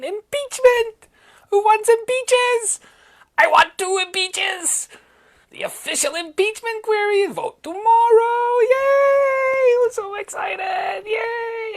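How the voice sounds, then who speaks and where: A woman's voice: extremely high pitch, slow. A woman hosting a satirical news podcast, talking in a playful, sarcastic sing-song way with mock cheering and clipped, broken-English asides. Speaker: podcast host.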